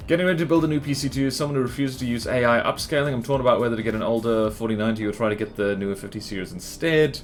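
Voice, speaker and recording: A man's voice: mid-range voice, fairly even intonation, racing, few pauses. A man streaming a strategy game live, chatting with his viewers and reacting to the battles on screen as he rambles through his opinions.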